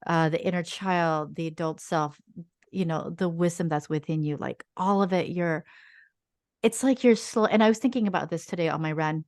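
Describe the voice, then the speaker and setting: A woman with a somewhat low voice hosts an interview podcast, summing up her guest's words with affirming, effusive praise. The recording is dry and close. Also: moderate pace, darkish tone, dry recording. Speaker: podcast host.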